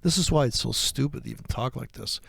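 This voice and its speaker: A man's voice: mid-range voice, quick pace, creaky, slightly rough, no echo, studio quality. A man walking through trading charts in a sarcastic, profane teaching style. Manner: sarcastic, swears freely, mock-dialogue. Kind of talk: profane, sardonic chart walkthrough.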